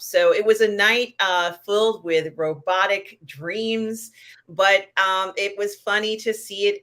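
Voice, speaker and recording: Giggly, rambling woman host on a casual livestream, bright voice. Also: on the low side. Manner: rambling, many fillers, giggly. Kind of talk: casual live-stream pop culture chat.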